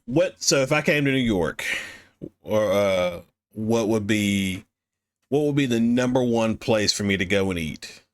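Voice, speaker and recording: A man's voice: on the low side, expressive, measured pace. A man hosting a casual podcast interview, asking hesitant questions and laughing often. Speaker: podcast host.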